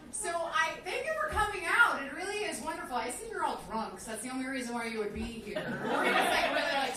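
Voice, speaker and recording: Young woman, high voice, stand-up comedian, chatty with lots of fillers, recorded from afar in an echoey room. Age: 20s. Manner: chatty, filler-heavy, self-deprecating. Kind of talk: stand-up storytelling. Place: comedy club stage. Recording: echoey club from a distance with noise.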